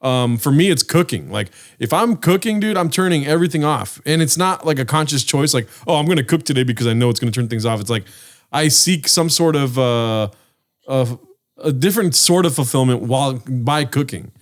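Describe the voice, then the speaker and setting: A man's voice: medium pitch, expressive, brisk. Podcast co-host, male, mid-range voice, loose reflective ramble. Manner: rambling, reflective, lots of fillers. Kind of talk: casual chat.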